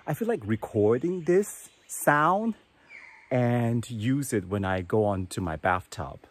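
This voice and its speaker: Slow-talking man on a forest trail. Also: mid-range voice, animated. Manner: unhurried, chatty, enthusiastic asides. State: out of breath while climbing. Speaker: travel vlogger. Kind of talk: hiking vlog narration. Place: outdoors on a forest mountain trail.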